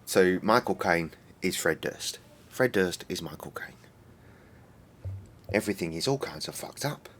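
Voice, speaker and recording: A man's voice: sits low, lively intonation, a little slow, pauses often. A man streaming a game, swearing and muttering exasperatedly at it. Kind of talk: casual game-stream commentary.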